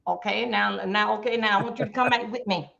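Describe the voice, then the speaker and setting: A woman's voice: mid-range voice, fairly even intonation, fairly quick, gravelly, bright, forceful tone, slight background noise. A middle-aged woman talking casually about relationships on a livestream video call, acting out both sides of everyday conversations. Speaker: guest. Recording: dull lo-fi stream audio.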